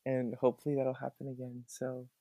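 A young man speaking as a podcast guest, his pitch sitting in the ordinary middle range for a man. He tells his stories in an earnest, animated way and keeps saying how grateful he is. The recording is dry and close, with no room sound. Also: brisk, dry recording. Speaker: guest, former theme park puppeteer. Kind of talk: conversational podcast interview.

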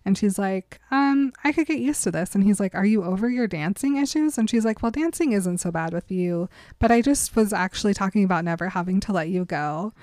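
A woman's voice: medium pitch, fairly quick, few pauses, darkish tone, no echo. Chatty giggly woman recapping a book. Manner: chatty, giggly storytelling with lots of "like". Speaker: podcast co-host. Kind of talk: casual book recap chat.

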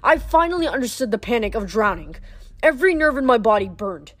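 A woman's voice: fairly high pitch, very animated, brisk, no room sound. A woman reading a novel aloud in the first person, plainly and with small slips and restarts. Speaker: reader.

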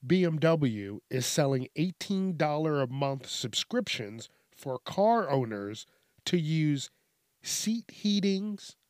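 A man's voice: on the high side, very animated, takes it slowly, a little mellow, no room sound, studio quality. A man hosting a comedic news commentary, ranting with lots of swearing and frequent laughter. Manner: profane, ranting, laughs often. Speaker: host.

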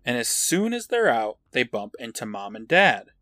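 A man recaps the story in a loose, chatty way, his pitch bouncing up and down as he narrates. He laughs often and swears without a second thought. The sound is close and dry, with no room around it. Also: sing-song, moderate pace, fairly bright tone, no echo. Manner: laughs while narrating, swears casually, acts out quotes. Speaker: podcast co-host. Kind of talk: casual episode recap.

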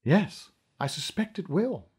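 A man voicing a calm, quiet sorceress with a deadpan manner. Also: high voice, normal speed, pitched above the performer's own voice. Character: calm, dry-witted sorceress, woman.

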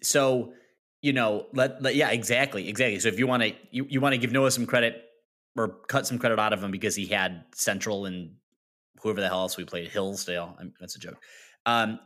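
A man co-hosting a sports podcast, with a lowish, bright voice. He rambles, hedges and restarts his thoughts as he argues about players. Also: brisk. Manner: rambling, hedging, self-correcting. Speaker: podcast co-host. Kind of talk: casual sports chat.

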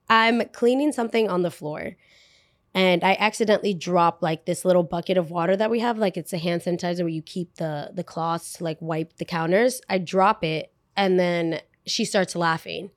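A woman podcast host telling a story in a casual monologue. She talks in an animated, chatty way and uses a lot of "like" asides. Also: lowish voice, moderate pace, dry recording, studio quality.

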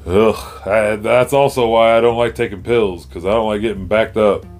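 A man co-hosting a podcast, telling crude jokes and animated stories in casual chat. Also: lowish voice, normal speed. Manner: crude, joking, animated storyteller. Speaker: podcast co-host.

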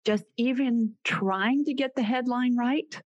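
A woman's voice: fairly high pitch, a little slow, darkish tone, no echo, muffled recording. A woman who is a podcast host and clinician, interviewing a guest in an affirming, reflective way.

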